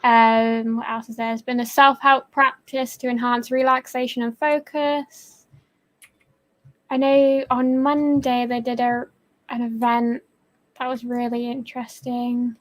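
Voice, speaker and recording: A woman's voice: a little high, little pitch movement, a little slow. A young adult woman co-hosting a stream, talking casually and rambling with lots of "like" fillers. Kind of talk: casual livestream chat.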